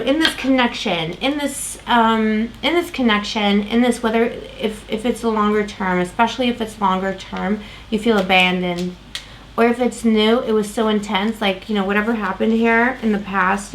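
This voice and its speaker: A woman's voice: medium pitch, a little hiss or hum, poor audio. A woman doing a casual tarot reading, talking in a loose, rambling way with lots of fillers and restarts. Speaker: tarot reader.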